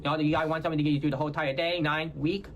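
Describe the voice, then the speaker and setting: A man from Houston with a Texan accent, speaking in halting, hard-to-follow phrases and ending nearly every phrase with "all right, y'all?". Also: a little high, flat delivery, lo-fi sound, slight background noise. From Houston, Texas. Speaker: content creator in a played clip. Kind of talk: casual self-explaining talk to viewers.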